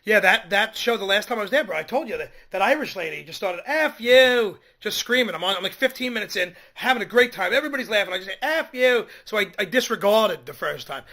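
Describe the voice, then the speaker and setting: A man co-hosting a comedy talk show, telling animated stories from the stage and acting out the quotes. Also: high voice, fast, hardly any pauses. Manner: animated storytelling, acts out quotes. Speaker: comedian co-host. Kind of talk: casual comedy radio chat.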